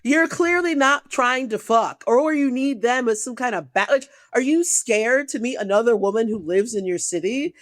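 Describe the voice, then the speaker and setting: A woman comedian telling a dating story on a podcast, profane and animated, acting out the people she quotes. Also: a little high, moderate pace, hardly any pauses, no echo. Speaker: guest comedian.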